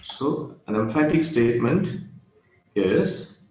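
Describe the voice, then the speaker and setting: A man giving an online grammar lesson, speaking slowly and repeating key phrases with pauses. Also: medium pitch, sing-song, darkish tone. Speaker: grammar teacher. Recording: roomy echo with faint noise.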